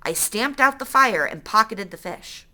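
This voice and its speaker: A woman's voice: a little high, lively intonation, a little slow, sharp tone. A woman reading a children's novel aloud, stopping now and then to explain words to young listeners.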